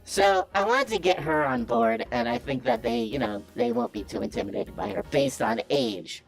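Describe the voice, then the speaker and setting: The voice is sing-song and gravelly at normal speed, with faint music behind it. It belongs to a call-in show caller comically impersonating a smug, bragging male business guru who is cocky, evasive and defensive, pitch swinging wildly.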